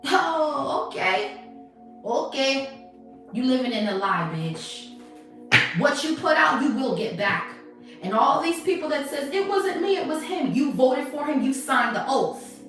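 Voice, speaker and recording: Profane, combative high-voiced woman in an echoey room. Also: expressive, a little slow. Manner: profane, confrontational, scolding viewers. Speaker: tarot reader. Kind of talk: livestream tarot reading and rant. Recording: very echoey room, voice from a distance, faint music.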